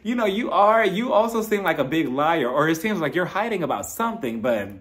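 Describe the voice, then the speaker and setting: Animated male reality-TV reviewer. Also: on the high side, fairly quick. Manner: animated storytelling, acts out quotes. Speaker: TV show reviewer. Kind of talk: casual recap commentary.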